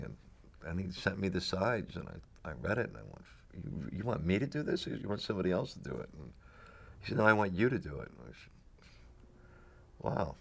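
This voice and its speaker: A middle-aged actor being interviewed, his voice low and rough with a gravelly edge. He rambles through stories with restarts and chuckles. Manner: rambling storyteller with restarts and laughs. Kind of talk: casual anecdotal interview.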